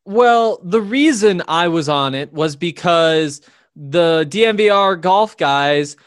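A man's voice: fairly high pitch, expressive, slow, clear, resonant tone, no echo, clean studio sound. A man in his twenties co-hosting a sports podcast in casual chat, rambling through stories with lots of fillers. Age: 20s. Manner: rambling storyteller, many fillers.

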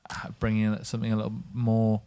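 A man with a fairly low voice chats about bands in a relaxed, wry way. His humour is dry, and he thinks aloud with fillers. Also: fast talker, over a noisy crowd. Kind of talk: casual chat.

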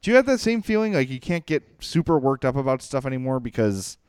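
Animated excitable man, smooth dry voice. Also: medium pitch, fast, dry recording. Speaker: podcast co-host. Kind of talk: casual sports chat and sponsor read.

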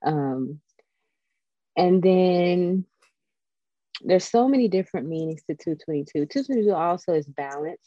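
A woman in a casual spiritual chat, telling stories in a chatty, animated, digressive way. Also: lowish voice, measured pace, pauses often, dry recording, dull audio. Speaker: spiritual guest.

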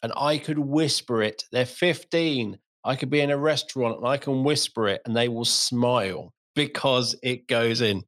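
A man's voice: mid-range voice, normal speed, few pauses. A middle-aged man hosting a podcast, chatting casually and acting out little scenes as he tells stories. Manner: animated storytelling, acts out voices. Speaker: podcast host. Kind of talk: casual chat.

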